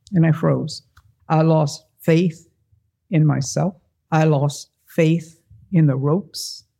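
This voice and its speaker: Gravelly man telling a personal story. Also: a little high. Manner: animated, acts out quoted voices. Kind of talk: first-person storytelling to a live audience.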